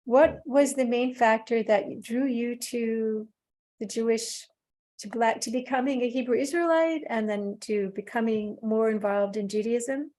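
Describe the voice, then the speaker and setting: A woman with a fairly high voice moderates a webinar discussion. She puts questions sent in by the audience to the guest in a plain, steady way. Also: measured pace.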